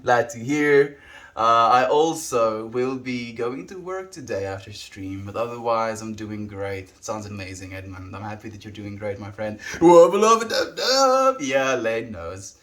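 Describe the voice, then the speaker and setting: A man livestreaming, chatting casually and warmly greeting viewers by name as he reads the chat. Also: fairly low pitch, moderate pace.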